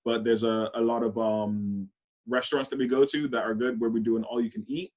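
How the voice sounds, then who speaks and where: A young man, chatting on a podcast in a relaxed, rambling way and laughing often. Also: mid-range voice, brisk. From London. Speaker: podcast host. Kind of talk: casual chat.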